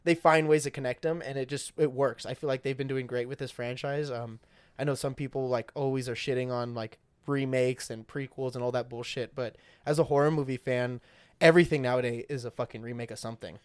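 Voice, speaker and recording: A man's voice: mid-range voice, fairly even intonation, fairly quick, clear, resonant tone, no room sound. A young man co-hosting a podcast in casual chat, swearing often and filling his talk with "like" and "dude". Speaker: podcast co-host.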